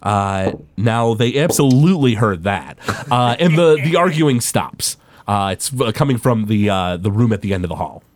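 A man's voice: lowish voice, animated, moderate pace, slight background noise. A man running a tabletop game as game master, narrating with many hesitant fillers.

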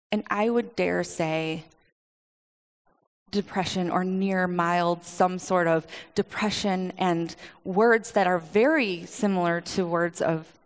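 Woman preaching in a reverberant hall. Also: fairly low pitch. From Michigan, USA. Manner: casual storytelling, quick asides, laughs often. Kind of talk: conversational sermon.

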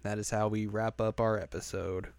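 A man's voice: on the low side, little pitch movement, normal speed, darkish tone, clear, resonant tone, no room sound, clean studio sound. A man hosting a podcast, recapping an episode in a rambling, casual way with lots of fillers. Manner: rambling, filler-heavy, laughs often. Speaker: podcast host.

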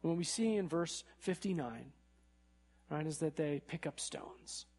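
A man preaching a sermon in an animated way, building to emphatic peaks and often checking in with "right?". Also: fairly high pitch, a little slow.

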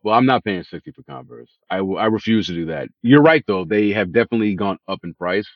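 A man's voice: lowish voice, lively intonation, quick pace, creaky, no room sound. A man co-hosting a podcast, bantering casually and laughing along. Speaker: podcast co-host. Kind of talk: casual chat. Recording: dull lo-fi mic.

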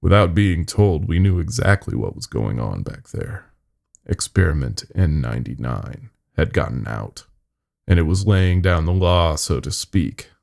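A man's voice: a bass voice, very animated, a little slow, vocal fry, darkish tone. A man narrating a first-person horror story in a grim, wry manner.

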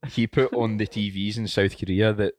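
A man's voice: fairly low pitch, fairly even intonation, normal speed, no echo, clean studio sound. A man chatting casually as a podcast co-host, swearing and joking through loose banter. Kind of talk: casual chat.

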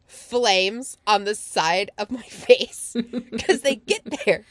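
A woman co-hosting a casual chat about a TV show, swinging into high mock quotes of dialogue. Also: takes it slowly, no echo. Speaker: podcast co-host.

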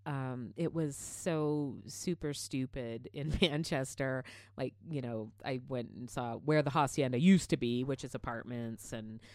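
A middle-aged woman telling travel stories in a casual chat as podcast host, animated and full of fillers, swearing freely. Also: a bass voice, a little slow, dry recording, studio quality.

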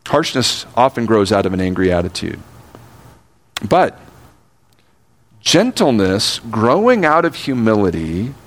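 An older man delivers a sermon at a mid-range pitch. He is earnest, drawing out key words slowly and then rattling off quick asides between points. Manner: earnest, shifts between slow emphatic phrasing and quick asides. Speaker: pastor.

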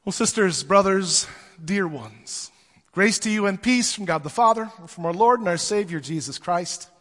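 A male pastor delivers a sermon in a relaxed, conversational way, slipping in casual fillers as he goes. His voice sits fairly high, and a long church reverb trails behind each phrase. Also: moderate pace.

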